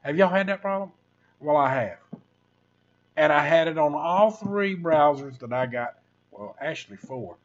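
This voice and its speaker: A man's voice: fairly high pitch, animated, unhurried, dull audio. A man, ranting casually to viewers on his livestream in a rambling, preachy way. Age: 60s. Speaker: livestream host.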